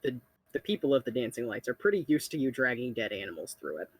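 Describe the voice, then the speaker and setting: A young man with a husky, slightly breathy voice runs a tabletop game, laid-back and dry, teasing his players now and then. His pitch sits in an ordinary middle range. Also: sing-song, fast talker, no room sound. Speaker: game master. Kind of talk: narrating a tabletop game over voice chat.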